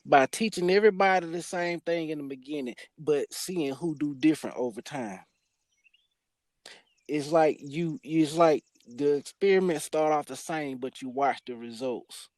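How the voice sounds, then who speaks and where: A man's voice: a little high, normal speed, darkish tone, no room sound. Emphatic preaching man, dry sound. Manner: emphatic, preaching, restarts his sentences. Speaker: host. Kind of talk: spiritual discussion.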